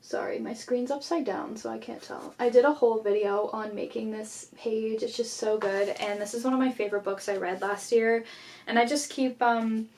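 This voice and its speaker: A woman's voice: a little high, fairly even intonation, moderate pace, a little mellow, slight background noise. A young woman chatting casually in a vlog, talking about her journals with many "like" fillers. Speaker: YouTuber.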